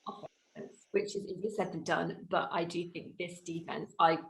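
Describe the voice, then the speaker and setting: A woman with a somewhat low voice co-hosts a relaxed sports podcast. She talks in a chatty, loose way, pausing on fillers and restarting her thoughts. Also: gravelly, a little hiss or hum, poor audio. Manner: chatty, many fillers and restarts, laughs easily. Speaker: podcast co-host. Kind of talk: casual sports chat.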